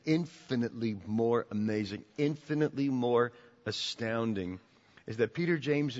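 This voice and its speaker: A man preaching a sermon as pastor, animated and emphatic, often repeating words as he builds to his points. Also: medium pitch. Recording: dull sound with long church reverb.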